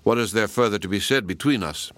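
A man's voice: on the low side, brisk, a bit bright, no room sound, lightly acted. A man reading the part of a stern, blunt man who speaks curtly. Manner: abrupt and curt. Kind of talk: audiobook reading.

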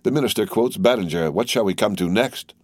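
A man's voice: lowish voice, a little fast, no echo, studio quality, natural voice. A man reading a mocking young journalist. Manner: mocking, teasing.

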